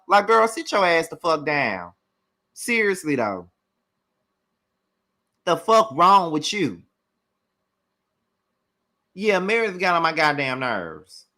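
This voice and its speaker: In a fired-up, profanity-laden reality TV review, a male host talks straight to the people watching. He speaks at a moderate pace with a high-pitched, expressive, sharp voice, leaving long pauses.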